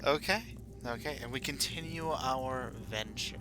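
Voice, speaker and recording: A man's voice: medium pitch, a little slow. Chatty male dungeon master, noisy background. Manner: animated, chatty narration with fillers. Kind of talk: narrating a tabletop game.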